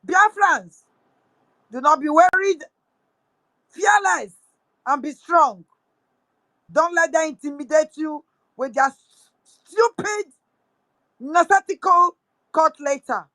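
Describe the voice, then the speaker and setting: A woman's voice: sits high, animated, slow, long pauses, sharp tone, no echo, rough recording. A woman with a Nigerian accent mixing in pidgin, angrily accusing someone in a live audio room. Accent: Nigerian English with pidgin. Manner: angry, accusing, repetitive. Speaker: speaker on a live audio space.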